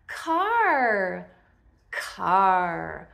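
A woman's voice: a little high, very animated, slow pace, fairly bright tone. A woman teaching toddlers to talk, in an exaggerated sing-song way that stresses each sound. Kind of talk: children's speech lesson.

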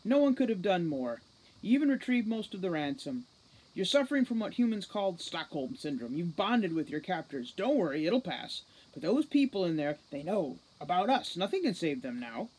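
A woman voicing a stern male elf police commander who barks orders forcefully. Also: on the low side, sing-song, moderate pace, breathy edge, pitched above the performer's own voice, poor audio.

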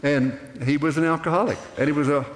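An older man preaching a sermon to a congregation, animated and rambling, with restarts and acted-out asides. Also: fairly high pitch, fast. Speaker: pastor. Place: church sanctuary. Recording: echoey church hall.

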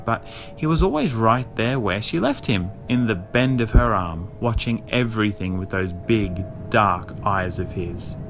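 A man reading a spooky children's story aloud as narrator, expressive with dramatic pauses. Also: lowish voice. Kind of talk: audiobook reading.

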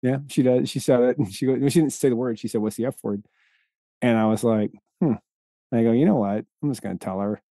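A middle-aged man co-hosting a podcast in casual chat, telling stories in an animated way and laughing now and then. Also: medium pitch, fast, no room sound. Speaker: podcast co-host.

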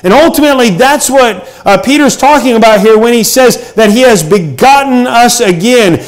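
A middle-aged male pastor delivers a sermon in an earnest, emphatic way. His voice sits notably high. He pauses and hesitates often between his points.

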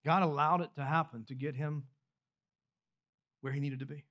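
A man with a fairly high voice delivers a sermon to his church. He preaches in a loose, conversational way, asking his listeners questions and circling back over his words as he goes. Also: steady tone, normal speed, highs cut off. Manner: repeats words and restarts phrases while speaking freely. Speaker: pastor. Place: church sanctuary.

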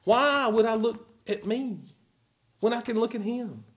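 A man's voice: extremely high pitch, unhurried. A man preaching a sermon as pastor, emphatic and at times sarcastic.

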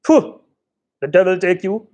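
A man's voice: sits high, moderate pace, close to an everyday voice. A man doing a cracked-voiced hunchback bully. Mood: bossy, abusive. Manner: bossy, shouting, abusive. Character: irritable male hunchback reveler, cracked voice.

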